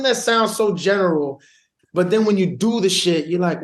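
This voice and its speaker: A man with a New York accent talking in a loose, slangy way, often restarting his sentences. His voice sits fairly high for a man. It sounds like a relaxed podcast interview. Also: moderate pace. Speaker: guest actor. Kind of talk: casual interview chat.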